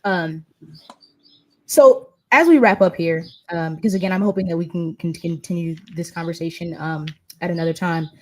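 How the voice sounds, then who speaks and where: A woman's voice: lowish voice, moderate pace. A woman in her thirties from the United States, hosting a casual panel conversation and talking freely with many fillers and restarts. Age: 30s. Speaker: host and patient advocate.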